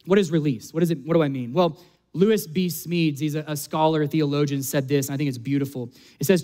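A man's voice: fairly high pitch, fast, warm tone. A man preaching a sermon, earnest and building to emphatic peaks. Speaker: pastor.

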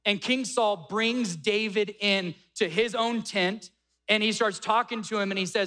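Man, preacher, high voice, bright tone, animated storytelling. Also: a little slow. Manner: animated, acts out quoted dialogue. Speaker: pastor. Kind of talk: sermon storytelling.

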